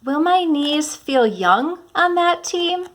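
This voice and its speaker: A gentle elderly man from a storybook who sounds a little worried and unsure, read by a woman. His lines come in a raised, questioning voice. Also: high voice, expressive, slow, slight background noise, voice pushed up, heavily acted. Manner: questioning, uncertain.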